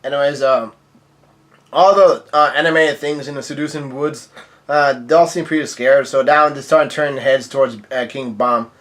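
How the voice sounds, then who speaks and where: A man's voice: mid-range voice, moderate pace, a bit bright. A man casually recapping a comic chapter, rambling with many fillers and restarts. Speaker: manga reviewer.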